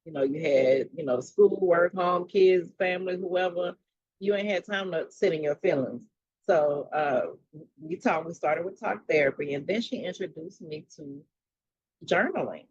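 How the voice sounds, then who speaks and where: A woman's voice: lowish voice, moderate pace, darkish tone, breathy edge, dry recording, dull audio. A woman, a mental health coach, telling her personal story as a podcast guest, acting out dialogue in a casual, blunt way with slang.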